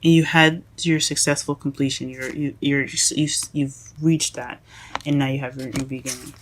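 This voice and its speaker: A woman giving a casual tarot reading to her viewers, halting and self-correcting as she goes, often calling them "guys". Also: very deep voice, steady tone. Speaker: tarot reader.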